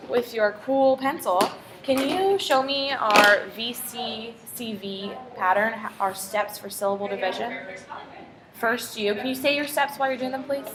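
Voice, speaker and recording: A woman teacher tutoring one pupil in phonics, patient and encouraging, asking question after question. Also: on the high side. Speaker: reading teacher.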